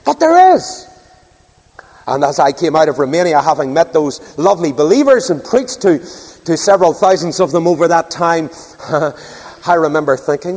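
Older preacher, emphatic sermon delivery, voice soaring high in a reverberant hall. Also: male voice, animated, normal speed, darkish tone. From Northern Ireland. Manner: emphatic, rhetorical questions, sweeping pitch.

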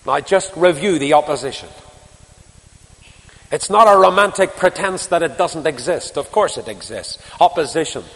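A man's voice: fairly high pitch, expressive, moderate pace, creaky. An older man preaching a sermon, telling stories with quoted dialogue and shifting his emphasis up and down. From Northern Ireland. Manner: storytelling with quoted dialogue, rising and falling emphasis. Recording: long reverb of a large hall.

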